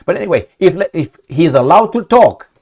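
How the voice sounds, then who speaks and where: A man's voice: a little high, moderate pace, husky. A man giving blunt, sarcastic political commentary, mocking and jabbing, then dropping into muttered asides. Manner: animated, swings between loud jabs and muttered asides. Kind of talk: casual commentary vlog.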